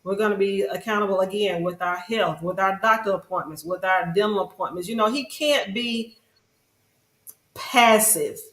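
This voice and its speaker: A woman's voice: medium pitch, normal speed, fairly bright tone. A woman hosting a podcast, chatting casually and earnestly in long, rambling stretches. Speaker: podcast host. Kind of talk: casual chat. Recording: roomy echo.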